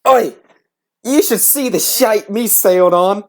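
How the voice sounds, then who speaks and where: A man's voice: medium pitch, moderate pace, darkish tone, natural voice. A man voicing a boisterous male pirate sailor in a tabletop game, talking in pirate dialect with an accent that wanders. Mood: snide.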